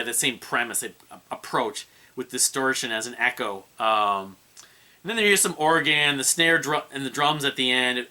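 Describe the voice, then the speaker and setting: A man's voice: mid-range voice, pushed and bright. A man reviewing an album in a casual, rambling way, with many fillers and restarts. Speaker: music reviewer.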